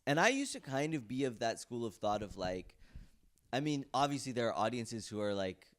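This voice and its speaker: A man hosting a comedy podcast, asking loose, easygoing questions and musing about his experience as a comedian. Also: mid-range voice. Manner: easygoing, laughs along, asks loose questions. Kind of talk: casual podcast chat.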